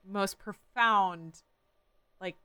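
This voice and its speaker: An enthusiastic woman co-hosting a casual podcast, speaking slowly with a bright, lively tone. Her voice is smooth and clear, recorded dry with close, clean sound. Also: medium pitch, no echo. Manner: enthusiastic, dreamy. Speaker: podcast co-host. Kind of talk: casual chat.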